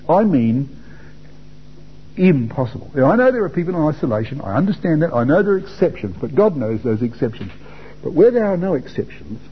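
A man's voice: medium pitch, slightly rough. An older man from Australia giving an informal Bible talk to young men, chatty, repeating words and putting questions to his listeners. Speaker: Bible class teacher. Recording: dull lo-fi recording.

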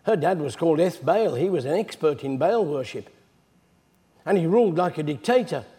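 A man's voice: fairly high pitch, normal speed. A man preaching a sermon, retelling scripture stories in a chatty storyteller manner. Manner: conversational storytelling, animated retelling. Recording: long hall reverb.

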